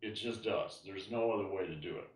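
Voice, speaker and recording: A man's voice: deep voice, brisk, echoey room, recorded from a distance. A man teaching an online tai chi class, explaining moves as he demonstrates and often asking "right?".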